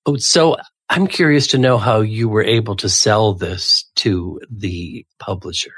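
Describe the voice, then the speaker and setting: A man hosting an interview podcast, talking casually and warmly about a book he enjoyed. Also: on the low side, measured pace, breathy edge, no room sound. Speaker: podcast host.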